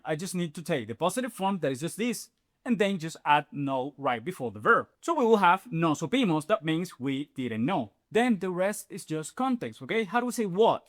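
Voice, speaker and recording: A man teaching a Spanish grammar lesson in an energetic, step-by-step way, often checking in with "okay?" and "right?". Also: sits high. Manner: explains step by step, addressing viewers as "you guys". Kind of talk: online language lesson.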